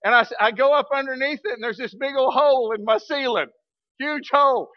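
High-voiced folksy pastor. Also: male voice, fairly quick, no room sound, muffled recording. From Arkansas, US. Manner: folksy, animated storytelling with acted shouts. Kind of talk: storytelling sermon. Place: church sanctuary.

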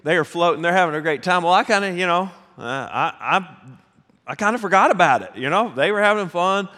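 A middle-aged man with a Southern American accent, a pastor telling a folksy, animated story with laughs during a sermon. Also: sits high, fairly quick. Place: large church sanctuary. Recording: long hall reverb.

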